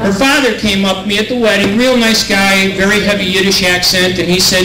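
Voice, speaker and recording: A man's voice: high-pitched, little pitch movement, a little fast. A man performing a stand-up comedy set, dropping apologetic asides to the audience between punchlines. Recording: roomy live audio from far off with crowd. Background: audience laughter and crowd noise.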